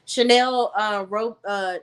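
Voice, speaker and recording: A woman's voice: medium pitch, steady tone, slow, smooth. Sassy woman host. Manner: sassy, emphatic, says "okay?" and "honey" often. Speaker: podcast co-host. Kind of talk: casual gossip chat about reality TV.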